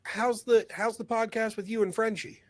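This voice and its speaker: A man speaks on a podcast in a somewhat high voice, blunt and sarcastic, cursing often. His voice sounds dry and close to the mic. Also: steady tone, moderate pace, no echo. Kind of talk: casual podcast chat.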